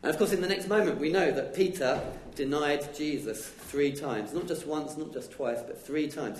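A man giving an informal, conversational sermon at a church, chatting with the congregation. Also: fairly high pitch. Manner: conversational, chatty, acts out quick dialogue. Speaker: lay preacher. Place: church hall. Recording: echoey church room with faint noise.

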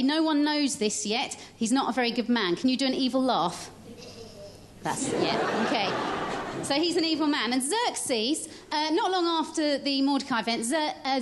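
Lively high-voiced woman telling a children's story. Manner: lively, directs child volunteers as she narrates. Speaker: children's talk leader in a church service. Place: church.

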